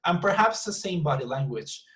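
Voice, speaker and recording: A man's voice: fairly high pitch, lively intonation, a little fast, a bit bright, low-quality recording. A man teaching an English class over a video call, explaining at length, often repeating words and checking in with "you see".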